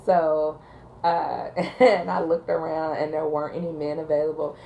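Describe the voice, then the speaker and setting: Low-pitched female dispatcher, chatty storyteller, loose and conversational, lots of filler words. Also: little pitch movement, moderate pace, creaky, mellow, a little hiss or hum, poor audio. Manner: chatty, frequent ums and likes, laughs at her story. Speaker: 911 call taker and dispatcher. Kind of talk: casual storytime vlog.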